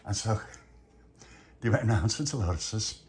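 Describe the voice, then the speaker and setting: A man's voice: lowish voice, expressive, measured pace, breathy edge. A man telling a rambling, made-up children's story and chuckling at his own jokes. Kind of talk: improvised bedtime-style storytelling.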